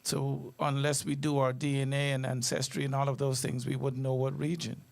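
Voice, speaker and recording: A man's voice: mid-range voice, level tone, moderate pace, creaky. A man in his late fifties, a guest speaking earnestly and reflectively in an interview. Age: 50s.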